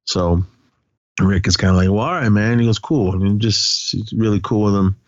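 Low-voiced man recapping a movie. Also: little pitch movement, moderate pace, no room sound, muffled recording. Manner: retells scenes with quoted dialogue and frequent fillers. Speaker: podcast co-host.

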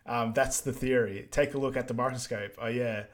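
A man co-hosting a podcast, recapping a film in relaxed casual chat with dry asides. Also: mid-range voice, fairly quick. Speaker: podcast co-host.

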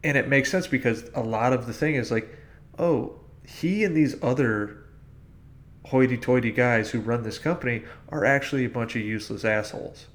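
A man's voice: medium pitch, normal speed. A man co-hosting a casual film podcast and explaining points from what he has read.

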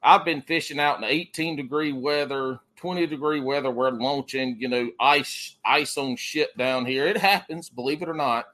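A man's voice: medium pitch, normal speed, hardly any pauses, a bit bright. Guy rambling thru a fishing story, cussing, lots of restarts, casual podcast chat. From Southern US.

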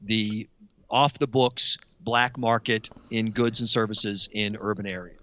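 A man with an American accent arguing his side in a studio debate, sarcastic and animated. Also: on the low side, measured pace. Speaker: studio guest.

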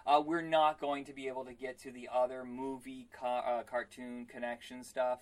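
A man's voice: mid-range voice, flat delivery, normal speed. A man co-hosting a casual chat podcast, rambling with lots of fillers and poking fun at himself. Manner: rambling, self-deprecating, many fillers. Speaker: podcast co-host.

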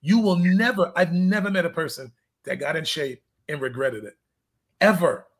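A male fitness coach with a high, husky voice talks casually in an interview. He wanders through candid stories and laughs at his own jokes. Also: moderate pace.

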